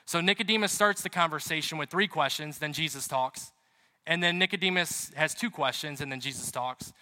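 A man's voice: on the high side, a little fast, pushed and bright. A man preaching a sermon as pastor, chatty and storytelling, with emphatic repetition. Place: church. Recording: reverberant hall.

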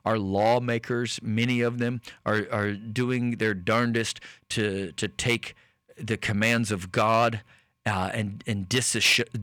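Slow, earnest radio preacher man. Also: mid-range voice, fairly bright tone, no room sound. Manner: earnest, with frequent fillers and restarts; slow, emphatic delivery. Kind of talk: radio sermon-style talk.

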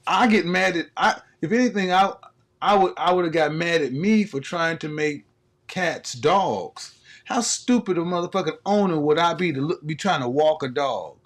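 A man's voice: a little high, moderate pace, fairly bright tone. A man hosting a live stream, ranting in a casual comedic way, profane and laughing often.

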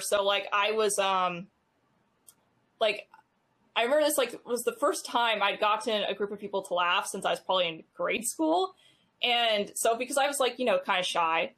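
A woman in her thirties tells stories as a podcast guest, speaking casually and haltingly with lots of fillers. When she gets animated, her pitch rises.

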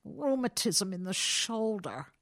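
A woman's voice: medium pitch, very animated, slow. A woman voicing an irritable, disgusted older man woken in bed, speaking in a snappish, bad-humored way in an audiobook reading.

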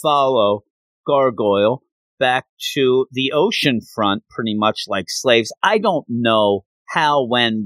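A man recaps a comic book story in a casual, chatty way, wandering into asides. His voice sits at an ordinary pitch. It is recorded dry and close, with no room sound. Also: a bit bright, no room sound. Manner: chatty, digressive.

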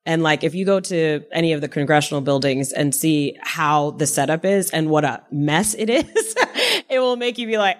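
A woman's voice: low voice, moderate pace. A woman co-hosting a podcast, chatting casually and laughing easily. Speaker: podcast co-host. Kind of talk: casual conversation.

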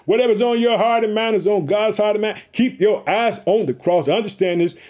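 High-voiced excited male preacher. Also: a little fast. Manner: excited, repeats catchphrases and calls out to listeners. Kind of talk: energetic sermon.

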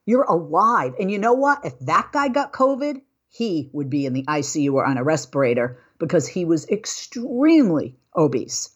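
A woman's voice: sits low, very animated, moderate pace, hardly any pauses, breathy edge, dull audio. A middle-aged woman hosting a talk show, telling a travel story in a chatty way and building into an exasperated rant. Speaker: host. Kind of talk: casual commentary monologue.

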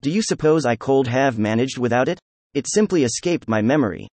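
A man's voice: medium pitch, animated, fairly quick, a little mellow, dry recording, lightly acted. A man voicing a proud, hot-tempered young man who speaks in gloomy, defiant outbursts. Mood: exasperated.

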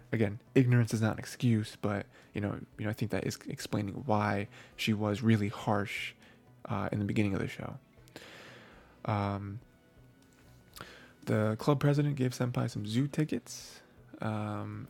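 A man hosting an anime review podcast, recapping episodes in a rambling casual way with many fillers and quick acted-out lines. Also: on the low side, vocal fry, a little mellow.

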